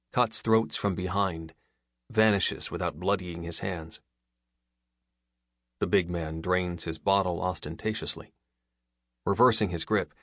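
Man, very deep voice, dry close sound, measured audiobook narration. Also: fairly bright tone, no echo. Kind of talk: scripted narration.

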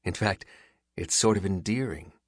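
A man voicing a sly, cruel criminal who taunts in a bright, breezy, menacing way, in an audiobook. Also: low voice, moderate pace, husky, no room sound, studio quality. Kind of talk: audiobook character voice.

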